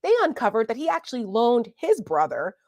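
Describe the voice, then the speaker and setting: Animated Jersey-accented woman host. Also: on the high side, fairly quick, dry recording, dull audio. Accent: New Jersey. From US East Coast. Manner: animated, indignant storytelling. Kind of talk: casual political chat.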